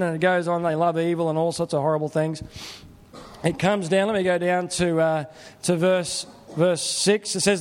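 A man's voice: high-pitched, steady tone, normal speed, in a large hall. A middle-aged man preaching a sermon in a plain-spoken, earnest, conversational way. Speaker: pastor.

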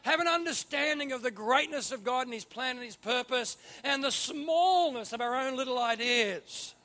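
Male pastor, high bright voice, animated preaching, sudden loud emphasis. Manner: animated, swings from quiet to loud emphatic bursts. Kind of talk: sermon.

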